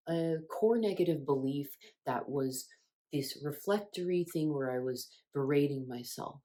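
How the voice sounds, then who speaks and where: She has a low pitch and talks through inner healing with sincerity and reflection, in the style of a self-help monologue from a spiritual wellness creator. Emphasis makes her voice jump abruptly higher, then drop back. It all sounds personal and genuine.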